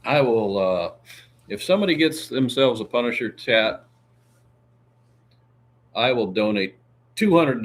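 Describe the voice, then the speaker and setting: A man's voice: mid-range voice, husky. A man hosting a casual livestream, reading viewer comments aloud with a joking manner, lots of laughs and filler sounds.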